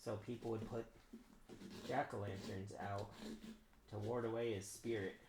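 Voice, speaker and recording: A man's voice: lowish voice, steady tone, moderate pace. A man streaming himself carving a pumpkin, chatting casually and rambling with fillers. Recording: roomy with clear background noise.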